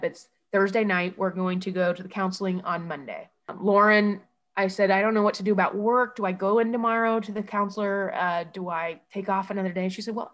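A woman from Iowa recounting a personal ordeal as a mother, in a halting, emotional way with many false starts. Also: medium pitch. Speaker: mother telling her own story.

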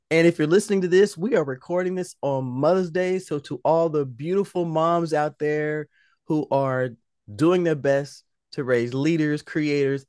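A man co-hosting a podcast in casual, joking banter, his voice hoarse from recovering from an illness. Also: fairly high pitch, darkish tone, dry recording, studio quality. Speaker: podcast co-host.

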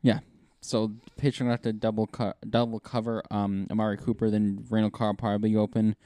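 Mellow-voiced man rambling about sports. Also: lowish voice, flat delivery, fast talker, clear, resonant tone, no echo. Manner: rambling, lots of fillers and restarts. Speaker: podcast co-host. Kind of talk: casual sports chat.

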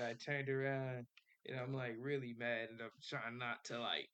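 A man's voice: medium pitch, flat delivery, moderate pace, a bit bright, slight background noise. A young man hosting a podcast, telling a personal story in casual slang, swearing and laughing as he goes. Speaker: podcast host.

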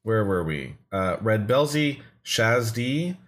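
A man's voice: on the low side, sing-song, takes it slowly, fairly bright tone. A man hosting a casual streamed talk show, rambling and restarting often with many fillers. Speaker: podcast host.

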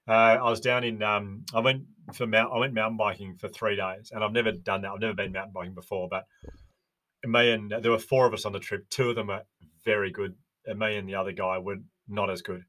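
An Australian man talks on a casual podcast in a slightly low voice. He tells stories with energy and slips into the voices of the people he describes. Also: a little fast. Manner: animated storyteller, acts out quoted voices. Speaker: podcast guest, resilience educator. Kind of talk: casual interview chat.

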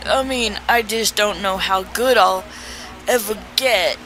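A woman's voice: medium pitch, measured pace, rough recording. A woman chatting casually in a voice chat, often laughing and teasing. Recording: clear background noise.

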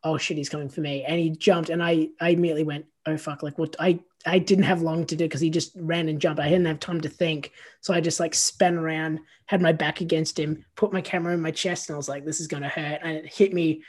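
A man hosting a podcast, telling stories in relaxed casual chat with frequent swearing. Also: fairly high pitch, a little fast, few pauses. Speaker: podcast host, photographer.

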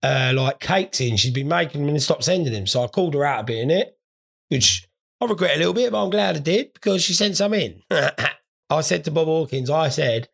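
A man's voice: a little high, vocal fry, a bit bright, breathy edge. A stoned man hosting a podcast, telling crude, sweary, rambling stories in a casual monologue. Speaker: podcast host.

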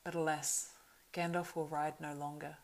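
A woman voicing a grave, weary male ranger leader in an audiobook reading, solemn and measured. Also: sits low, flat delivery.

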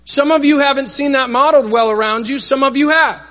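A man preaches in a large church hall, his high, bright voice ringing out with long reverb. He keeps the congregation involved, asking them to repeat words back to him. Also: fairly quick. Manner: energetic, calls for crowd responses. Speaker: pastor. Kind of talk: sermon.

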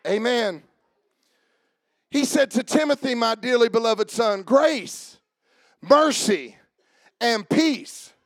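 With vocal fry in his voice, a male pastor begins his church sermon softly and conversationally, then works up to shouting and calling on members by name. The recording is dry.

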